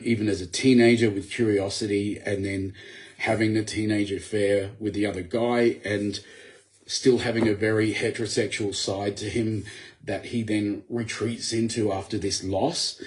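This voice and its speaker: A man, an author, talking casually on a late-night live video chat, rambling with many fillers and restarts in a gravelly voice. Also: darkish tone. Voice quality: gravelly, low voice. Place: home at night. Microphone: computer or phone for live video.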